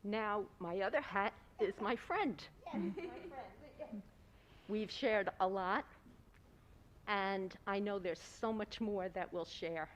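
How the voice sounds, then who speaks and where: A woman's voice: medium pitch, slow pace, long pauses, slight background noise. A woman speaking as a town councilwoman at a board meeting, giving a heartfelt, personal tribute, laughing often and close to tears. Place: school board meeting room.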